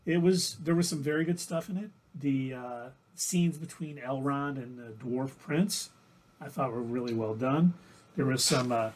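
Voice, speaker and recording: A man's voice: medium pitch, normal speed. A man co-hosting a livestream, casually recapping TV episodes in a rambling, self-correcting way. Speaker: livestream co-host.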